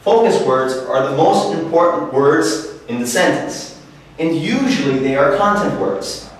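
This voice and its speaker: A man's voice: a little high, animated, measured pace. A man teaching English in a classroom, asking the class questions and repeating example sentences. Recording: very echoey room, from far off.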